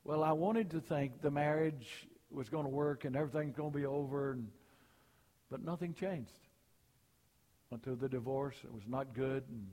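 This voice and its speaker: An older man preaching a sermon, telling folksy personal stories and rising high and loud for punchlines. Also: normal speed, in a large hall.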